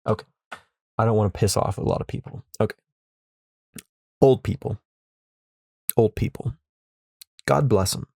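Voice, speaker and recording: A man's voice: lowish voice, normal speed, gravelly, pauses often, dark tone, no room sound, studio quality. A man hosting a podcast, delivering a sarcastic comedic rant into a microphone, repeating himself and swearing. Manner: ranting, repetitive, sarcastic, swears. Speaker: podcast host. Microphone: studio microphone.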